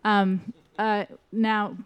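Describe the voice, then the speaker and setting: A woman in a stage rehearsal scene who talks in a wry, somewhat halting way. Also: medium pitch, little pitch movement, smooth, dull audio. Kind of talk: theatrical dialogue.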